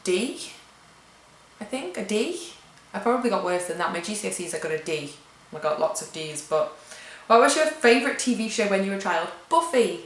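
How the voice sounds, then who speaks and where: A woman's voice: mid-range voice, reverberant, low-quality recording. A young woman from England with a British accent, reading out tag questions and answering them offhand in a casual vlog chat at home. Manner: chatty, reads questions aloud and answers offhand. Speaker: vlogger.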